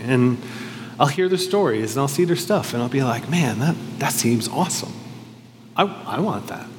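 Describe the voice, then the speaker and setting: A man's voice: fairly high pitch, in a large hall, slight background noise. A male pastor preaching a sermon in a conversational, reflective way, often questioning himself aloud.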